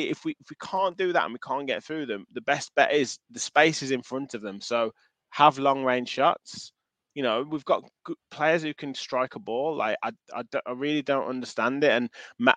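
A man's voice: mid-range voice, fairly bright tone, no room sound. A man co-hosting a football podcast, chatting casually, with many restarts and comments read from listeners. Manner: rambling, frequent restarts, reads out listener comments. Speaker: podcast co-host.

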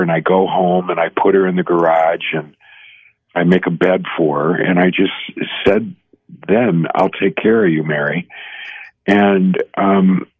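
Older guy in his 60s on a tinny phone line, deep voice, earnest, stops and restarts a lot. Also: dry recording. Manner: halting, earnest storytelling with restarts. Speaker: guest. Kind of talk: personal testimony in an interview.

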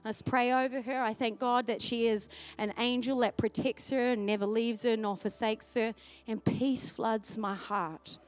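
A woman preacher telling a personal story in a sermon, swinging from loud, excited passages to hushed, tender ones. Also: fairly high pitch, moderate pace, hardly any pauses. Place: church service.

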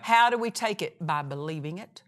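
A woman teaching from the Bible, emphatic, repeating phrases for stress and reading scripture slowly. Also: low-pitched, lively intonation, fairly bright tone. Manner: reads scripture slowly and deliberately.

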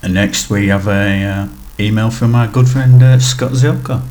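Really deep-voiced guy on a podcast, lots of uhs, self-deprecating, faint music under it. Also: fairly even intonation, moderate pace, darkish tone. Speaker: podcast co-host. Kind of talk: casual chat, reading listener emails.

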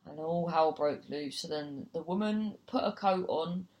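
A woman's voice: sits low, measured pace, darkish tone. A woman comedian telling a gig story casually, swearing freely and acting out other people's voices. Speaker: comedian and compere.

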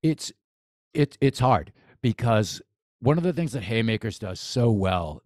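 A man who coaches boxing guests on a podcast, his lowish voice a little mellow, chatting casually with rambling enthusiasm and frequent restarts. The recording is dry and clean, studio-grade.

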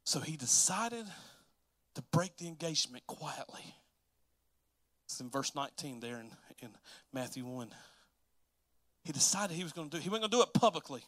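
A man preaching a sermon, chatty and laughing, acting out Bible figures in quick voices. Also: a little high, big pitch swings, fairly bright tone, dry recording.

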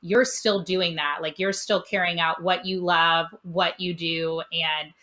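Casting: gushing woman interviewer, bright and forceful tone, laughs a lot. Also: on the low side, unhurried. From Cincinnati, Ohio. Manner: effusive, laughs often, loud when excited. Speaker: podcast host. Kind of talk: casual interview chat.

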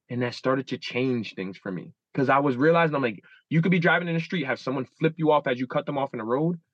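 A man's voice: medium pitch, no echo, dull audio. A man in his thirties, a guest in a casual interview, telling stories animatedly and acting out his own inner dialogue. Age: 30s.

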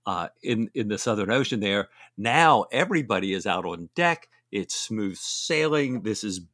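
A man's voice: lowish voice, expressive, normal speed, fairly bright tone, no room sound, studio quality. A man co-hosting a podcast, chatting enthusiastically about a novel. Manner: enthusiastic, laughs often. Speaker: podcast co-host. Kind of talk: casual book discussion.

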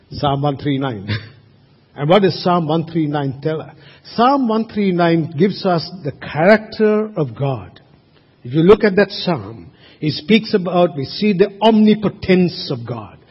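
High husky-voiced preacher in a reverberant hall. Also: male voice. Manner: emphatic, asks the congregation rhetorical questions. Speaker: pastor. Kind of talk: sermon. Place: church service. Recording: reverberant hall, muffled sound.

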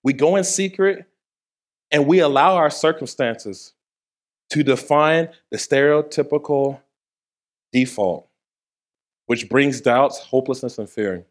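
A man's voice: mid-range voice, measured pace, pauses often. A man preaching a sermon in a conversational way, with playful asides to the congregation. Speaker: pastor.

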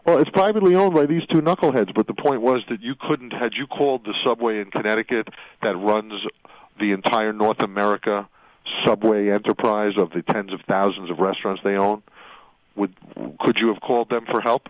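A man with a lowish voice, brisk and with no echo, hosts a radio interview as an attorney. He leads his guest through her story with rambling, leading questions that keep ending in "right?", and the radio audio sounds dull.

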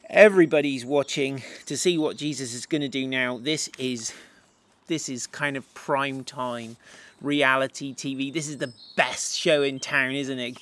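Guy giving a sermon, slightly high voice, chatty storyteller doing little voices. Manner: lively storyteller, laughs, acts out voices. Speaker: preacher. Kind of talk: sermon retelling a Bible story.

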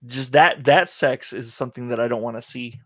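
A man's voice: mid-range voice, brisk, a bit bright, dry recording, studio quality. A man co-hosting a casual podcast chat, laid-back and making joking asides. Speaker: podcast co-host.

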